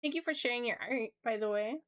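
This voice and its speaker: Young woman, streamer, casual chat while drawing, bubbly, gushing, a little high voice. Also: fairly bright tone. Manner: bubbly, gushing, quick asides.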